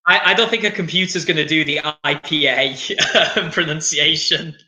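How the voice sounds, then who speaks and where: Male English teacher, upbeat and encouraging, bright voice, echoey room. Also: on the high side. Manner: upbeat, encouraging, drawn-out model pronunciations. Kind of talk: online English lesson.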